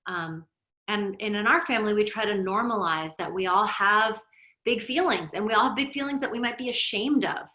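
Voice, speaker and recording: A middle-aged woman, a yoga teacher and therapist from Lebanon, giving a reflective teaching talk with personal stories in a conversational, gently guiding way. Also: medium pitch, normal speed, reverberant, poor audio.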